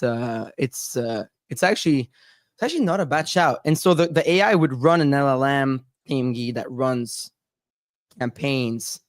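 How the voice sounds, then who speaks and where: A man's voice: mid-range voice, no echo, studio quality. A Canadian man hosting a casual crypto show over a video call, loose and joking, swearing freely. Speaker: podcast host.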